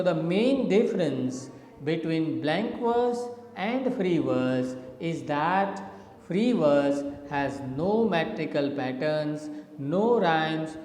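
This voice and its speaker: Slow, patient man lecturing in an echoey room. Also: a little high, a little mellow. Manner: patient, repetitive explaining with frequent "okay". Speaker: literature teacher. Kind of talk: slide lecture.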